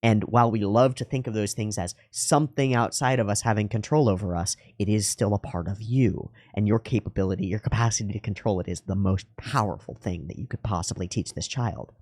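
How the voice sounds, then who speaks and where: A man's voice: fairly low pitch, a little mellow, no room sound, studio quality. A man hosting an anime reaction video, thinking aloud in earnest, musing commentary with frequent restarts. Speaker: anime reaction channel host. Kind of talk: reflective commentary.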